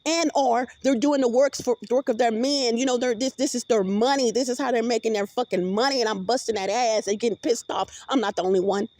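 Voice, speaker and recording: A woman's voice: a little high, a little fast, hardly any pauses, a little mellow, dry recording. A woman vlogger in a rambling, profane monologue with many restarts, recorded on a phone.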